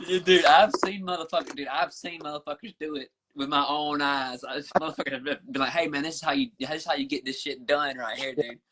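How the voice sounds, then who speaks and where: Fast-rambling Southern man swearing freely. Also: a little high, fairly even intonation, a bit bright. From rural Southern US. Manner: profane, rambling storyteller with many restarts. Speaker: podcast guest. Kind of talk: casual podcast chat.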